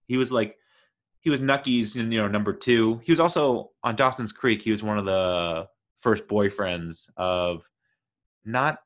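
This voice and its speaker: A man's voice: fairly low pitch, unhurried, a bit bright. A man chatting casually as he reviews a TV series, rambling and enthusiastic, with lots of fillers. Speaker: TV show reviewer.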